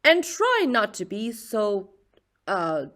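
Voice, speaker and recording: A woman reading aloud the lines of an earnest, fussy male farmer in a slow, emphatic, slightly stern way. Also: mid-range voice, huge pitch swings, fairly bright tone, full character voice. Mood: firm.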